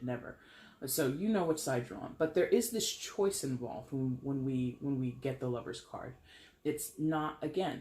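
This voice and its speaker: A man giving a casual tarot reading, chatty and animated, swearing now and then. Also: mid-range voice, roomy sound. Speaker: tarot reader.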